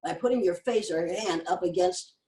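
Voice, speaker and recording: A woman's voice: fairly low pitch, fairly quick. An older woman from the United States, a guest on an interview, making her points emphatically and in a lecturing manner. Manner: forceful, lecturing, quotes others in pointed voices. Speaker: guest, anti-racism educator.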